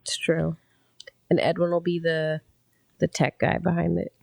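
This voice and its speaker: A woman's voice: fairly low pitch, little pitch movement, unhurried, creaky, a little mellow, no echo, studio quality. A woman co-hosting a casual podcast, mostly listening and answering briefly. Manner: laid-back listener, short replies and lots of laughing. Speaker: podcast co-host. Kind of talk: casual chat.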